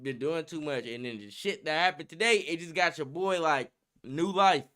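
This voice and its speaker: Young male streamer, high and bright, excitable, profane casual banter. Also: moderate pace. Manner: hyped, slangy, profane, laughing often. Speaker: livestream host. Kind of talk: casual livestream chat.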